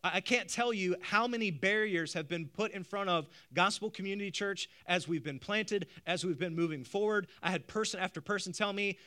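A male pastor preaching a sermon, animated, with rhetorical questions and frequent stammered restarts. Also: high-pitched, a little fast, hardly any pauses.

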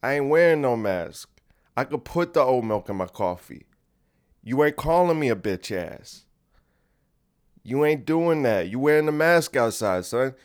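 A man's voice: medium pitch, expressive, unhurried, clear, resonant tone. Comedic male podcaster, rambling solo rant, direct to listener. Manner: rambling, combative, talking to the listener. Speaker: podcast host. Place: home room in a creaky chair.

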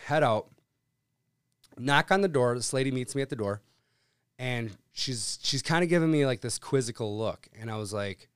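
Smooth-voiced man telling a rambling story. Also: mid-range voice, moderate pace, dry recording, clean studio sound. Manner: rambling, profane, animated anecdote telling. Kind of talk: casual storytelling chat.

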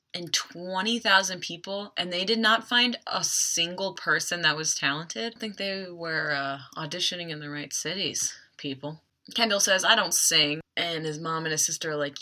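A woman hosting a podcast, recapping a TV episode in a chatty, wry way with quick asides. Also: on the low side, bright, forceful tone. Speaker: podcast host.

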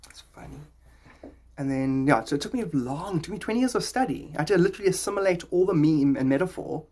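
Husky rambling podcast host, man, jokey and offbeat. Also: mid-range voice, a little mellow. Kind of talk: rambling casual talk.

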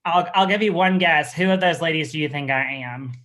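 A man's voice: fairly high pitch, a little fast. Chatty man with a Southern accent. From Southern United States. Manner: chatty, animated, sassy. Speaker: host. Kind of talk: casual interview chat.

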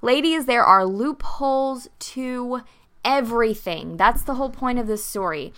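Woman, bright, smooth, emphatic, motivational advice vlog. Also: on the high side, expressive, a little slow. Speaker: vlogger giving advice to dancers. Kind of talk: casual storytelling advice.

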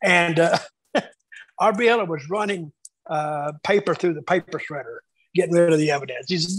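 A man reminiscing casually about his years booking shows, telling lively anecdotes and acting out the quotes. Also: fairly high pitch, normal speed, husky, no echo, low-quality recording. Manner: animated storyteller acting out quotes. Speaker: wrestling booker telling stories.

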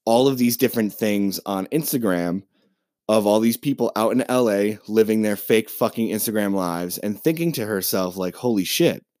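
A man co-hosting a podcast, ranting in a casual, profane and animated way as he retells a movie plot. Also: lowish voice, moderate pace, dry recording, studio quality. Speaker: podcast co-host. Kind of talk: casual chat.

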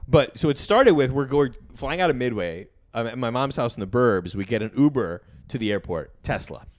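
A young man, a comedian and podcast host, telling an animated story in casual chat, laughing and acting out the people in it. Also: mid-range voice, normal speed.

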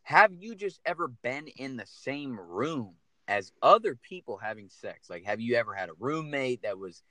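A man's voice: medium pitch, very animated, moderate pace, bright, forceful tone, dry recording. A man hosting a casual podcast, asking loose, joking questions of his guest. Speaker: podcast host.

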